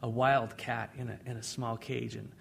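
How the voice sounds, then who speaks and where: A man preaching a sermon as pastor, in a conversational way, swinging between loud emphasis and hushed asides. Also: mid-range voice, little pitch movement, normal speed, creaky, slight background noise.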